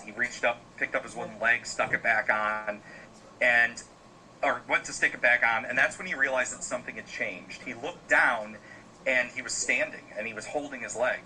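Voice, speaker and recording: Rambling man telling a dark tale. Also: medium pitch, a little hiss or hum, low-quality recording. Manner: loose, rambling, frequent fillers. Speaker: podcast host telling a story. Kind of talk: casual spoken storytelling.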